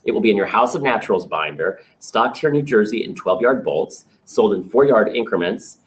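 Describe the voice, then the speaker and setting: A man with a lowish voice walks his sales team through a product launch in a meeting, upbeat and detail-heavy, now and then restarting a phrase. The sound is dull and lo-fi, like a basic meeting recording. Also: animated, a little fast, slight background noise. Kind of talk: business meeting presentation.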